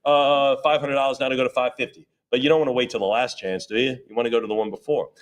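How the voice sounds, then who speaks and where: A male auctioneer runs a live sale in a steady chant of rising bids. Between the numbers he tosses off quick jokes and teasing asides to the bidders. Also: mid-range voice. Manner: rapid repetitive bid chant with joking asides. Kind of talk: live auction bid calling.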